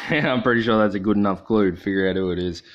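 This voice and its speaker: Australian man, very low voice, rambling livestream chat, swears a lot, dull lo-fi sound. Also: fast talker. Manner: rambling, profane, joking. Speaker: livestream host.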